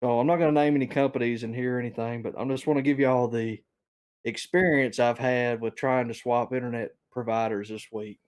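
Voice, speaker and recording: A man, telling a rambling story on a casual podcast, chuckling as he goes and getting animated when he quotes other people. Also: medium pitch, fairly quick, smooth.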